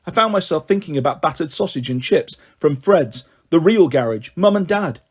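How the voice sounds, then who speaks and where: A man reading a children's book aloud, lively and expressive. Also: fairly high pitch, normal speed, husky. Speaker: storyteller.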